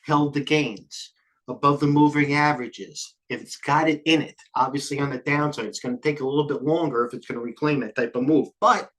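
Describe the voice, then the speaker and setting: An older man hosting a live trading stream, talking quickly and jumping between stock tickers, a little out of breath. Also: on the high side, fairly bright tone. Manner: rapid, scattered, jumps between tickers. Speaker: trading show host. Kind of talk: live market commentary.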